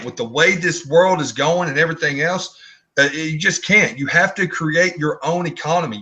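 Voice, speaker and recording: A man co-hosting an online video hangout, giving a blunt, earnest motivational sales pitch and often repeating words as he talks. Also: pushed and bright, rough recording. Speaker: co-host of online business hangout.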